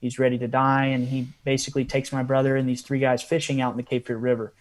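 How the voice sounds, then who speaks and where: A man's voice: mid-range voice, flat delivery, quick pace. A man, a podcast guest, telling a long story in a casual interview style with frequent asides.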